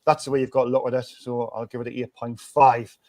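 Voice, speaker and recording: A man's voice: mid-range voice, level tone, fast talker, mellow. A man, hosting a casual football fan chat, rambling and restarting often in an upbeat way. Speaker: fan channel host.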